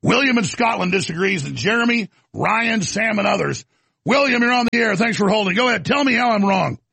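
A middle-aged man hosting a talk radio show, ranting about politics and swinging between shouting and muttered apologies. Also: sits high, animated, brisk, creaky, breathy edge, no echo. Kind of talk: heated political radio monologue.

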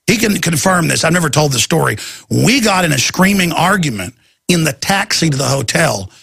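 A talk show host rambles through an indignant monologue, tripping into stammered repeats. His voice sits a bit high, with a husky, gravelly edge. The sound is dry and close. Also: sing-song, moderate pace, a bit bright, no echo. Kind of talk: ranting monologue.

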